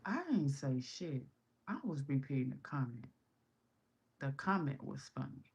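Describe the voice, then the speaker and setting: A woman's voice: a bass voice, animated, a little slow, a little mellow, breathy edge, highs cut off. A woman from Chicago with a Chicago accent, hosting a casual livestream and reading comments, blunt, profane and joking. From Chicago, USA. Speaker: livestream host.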